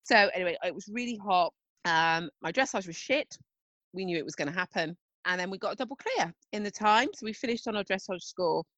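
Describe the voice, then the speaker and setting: A woman co-hosting a podcast, chatting casually with bubbly animated storytelling and frequent laughter. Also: on the low side, a little fast, dry recording, dull audio. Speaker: podcast co-host. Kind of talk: casual chat.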